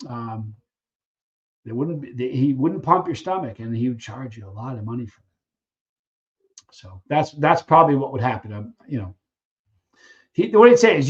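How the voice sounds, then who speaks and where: A man hosting a casual live Q&A stream, reading viewer questions and answering them in an animated way, acting out little scenes with frequent restarts. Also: mid-range voice, lo-fi sound. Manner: animated storyteller who acts out scenes, halting restarts.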